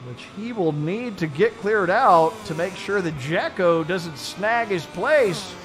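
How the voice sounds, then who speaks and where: A man's voice: high voice, animated, takes it slowly, a bit bright, soft background music. A man commentating a sim race in a jokey, casual way, laughing often.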